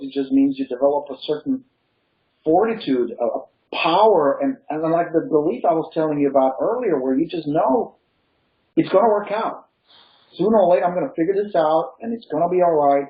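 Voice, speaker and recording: A man with a slight foreign accent, a non-native English speaker, gives motivational advice in a casual interview. His voice sits somewhat high for a man. The lo-fi call audio sounds a little dull. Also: animated, normal speed. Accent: Eastern European. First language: not English. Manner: emphatic, motivational, laughs easily. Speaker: real estate coach, guest.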